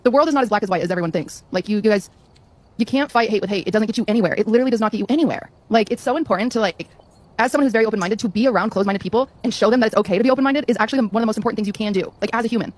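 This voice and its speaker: Fast-talking insistent woman streamer. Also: on the high side. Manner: insistent, repetitive. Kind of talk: defensive streaming chat.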